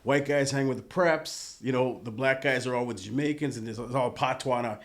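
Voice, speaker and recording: A man with a Canadian accent chatting as a podcast guest, his voice sitting at an ordinary middle pitch. He talks loosely and laughs easily, and he trails off into fillers as he thinks. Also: fairly quick. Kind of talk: casual podcast chat.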